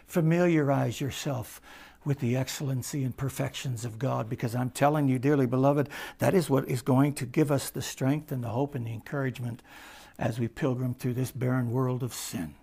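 Gravelly male preacher, mid-pitched, sermon that swings from hushed to loud. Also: fairly even intonation, normal speed.

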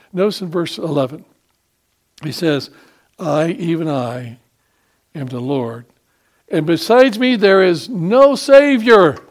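A man delivering a fervent sermon in a somewhat high voice. He quotes scripture, poses rhetorical questions and often hesitates and restarts mid-sentence. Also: darkish tone. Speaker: preacher.

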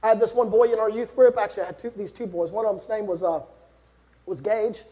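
A young man delivers a sermon with an unusually high-pitched voice. He speaks earnestly and builds to fervent exhortation. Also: steady tone, fast, dark tone. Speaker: preacher.

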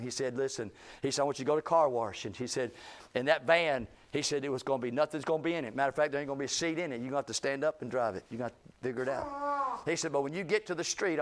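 Man, pastor, sermon storytelling, acts out voices, fairly high voice. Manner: animated, acts out quoted speech with rising intensity.

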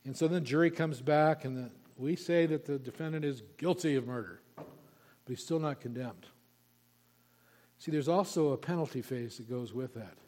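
A pastor preaching an expository sermon, emphatic and repeating key words for stress. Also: male voice, mid-range voice, moderate pace, a little mellow. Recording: long reverb of a large hall.

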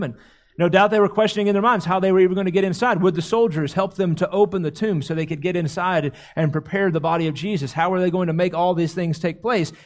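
A man preaching a sermon, retelling a scripture story dramatically, often repeating words as he goes. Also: fairly high pitch. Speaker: pastor.

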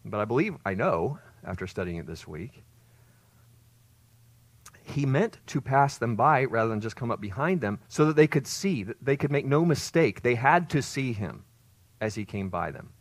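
A man preaching a sermon, swinging between loud emphatic peaks and quiet low asides. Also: normal speed, no room sound. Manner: expressive, rises to loud emphasis then drops low. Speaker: pastor.

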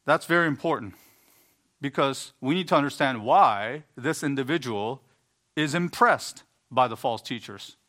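A man's voice: fairly high pitch, fairly bright tone. A man preaching an earnest sermon, explaining scripture with emphatic rising bursts and occasional stumbles. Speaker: pastor.

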